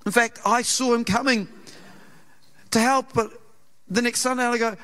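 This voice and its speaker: A man with a New Zealand accent preaching a sermon in a church, telling a personal story with earnest, conversational warmth and acting out the voices in it. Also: very high-pitched, fairly even intonation, moderate pace. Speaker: pastor. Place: church auditorium.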